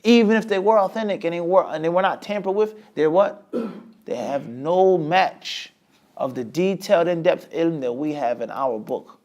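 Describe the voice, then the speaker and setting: A man teaching an Islamic lesson, often asking a rhetorical question and answering it himself, with sudden swings between loud and quiet. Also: on the high side, moderate pace. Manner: lively, with many sudden rises and drops in loudness. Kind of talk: lecture class.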